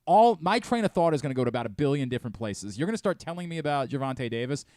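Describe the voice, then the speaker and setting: A man's voice: mid-range voice, rapid-fire, no echo. A man hosts a radio show from a studio, chatting casually and going off on tangents. His voice rises and falls a lot as he talks. The sound is dry and close to the mic. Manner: animated, rambling, self-interrupting.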